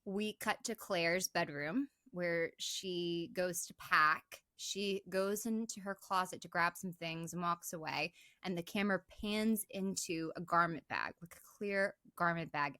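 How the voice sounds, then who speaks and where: Bright-voiced young woman recapping a film. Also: lowish voice, unhurried, dry recording. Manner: animated retelling, acts out quoted lines. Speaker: podcast co-host. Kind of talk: casual movie recap.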